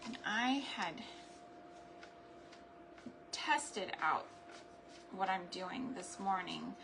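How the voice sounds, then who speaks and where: A woman's voice: medium pitch, expressive, extremely slow, creaky, background noise. Chatty woman crafting at home. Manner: chatty, laughs at her own mishaps, thinks aloud. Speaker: craft and homestead vlogger. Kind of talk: casual crafting chat to camera.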